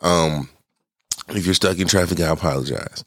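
A man's voice: low-pitched, normal speed, a bit bright, dry recording, studio quality. A middle-aged man hosting a casual solo podcast, sounding congested and talking in a loose, rambling way that keeps interrupting itself. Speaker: podcast host.

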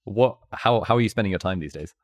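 A man asking questions in a casual interview, relaxed and joking. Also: fairly low pitch, fast talker, dry recording.

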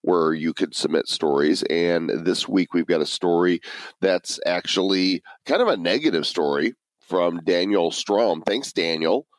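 A man with a very low, deep voice co-hosts a podcast and chats in a relaxed, conversational way, now and then dropping a dry aside. The sound is close and dry, with little room around it. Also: unhurried, dry recording. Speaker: podcast co-host. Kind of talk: casual podcast chat.

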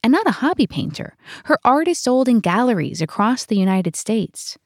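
A woman narrating a true story in an earnest, measured way, as the host. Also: a little high, very animated, no room sound, clean studio sound. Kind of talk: scripted narration.

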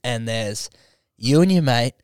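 Young Aussie male co-host, animated crude storyteller, clean dry close-mic tone. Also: mid-range voice, measured pace, clean tone, no room sound. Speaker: podcast co-host. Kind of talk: crude casual chat.

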